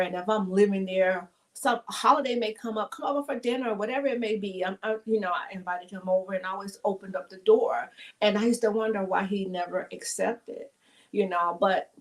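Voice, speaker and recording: Over a video call, a middle-aged woman hosts an emotional panel talk show. Her mid-range voice comes across earnest and heartfelt as she rambles.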